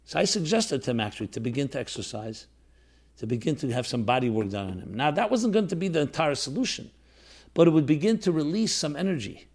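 A rabbi teaching a class shares a personal story earnestly and reflectively, with restarts and fillers. His voice sits a little high, with a darkish tone, and moves fast in a sing-song way.

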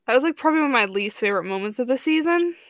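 A young woman with a slightly high voice, chatting casually and full of fillers and restarts. The sound is close and dry, with no room around her. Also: expressive, very fast, no room sound. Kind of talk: casual chat.

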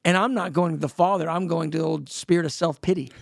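A man with a gravelly, fry-tinged voice pitched a little high, co-hosting a casual Bible discussion. He exhorts listeners earnestly and retells scripture in everyday words. The recording is dry and close. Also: fairly even intonation, fast talker, few pauses, dry recording.

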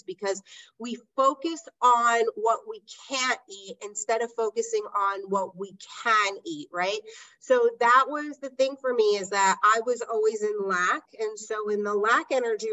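A woman with a somewhat high voice talks casually through her personal story, stopping often to check in with the listener with a "right?". The audio is a little dull and lo-fi. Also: fairly bright tone. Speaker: podcast host and health practitioner.

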